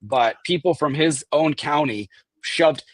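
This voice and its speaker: A man as a guest, telling a story in casual talk, animated and swearing, acting out the people he quotes. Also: fairly high pitch, unhurried, no echo. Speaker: guest recounting an event.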